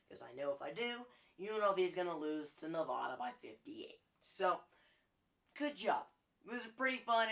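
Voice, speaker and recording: A man's voice: fairly high pitch, a bit bright. Casting note: casual male sports host, jokey and chatty, lots of "you know". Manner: chatty, jokey, frequent fillers.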